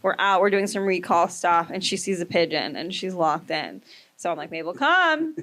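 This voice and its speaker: A woman in her thirties with a fairly low, slightly bright voice hosts a podcast at normal speed. She chats casually and tells loose, profane stories, often acting out the quoted lines.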